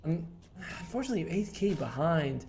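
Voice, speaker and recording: A man's voice: fairly quick, soft background music. A man giving analytical color commentary on a live esports match. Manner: analytical color commentary with lively swings in pitch. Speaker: esports caster.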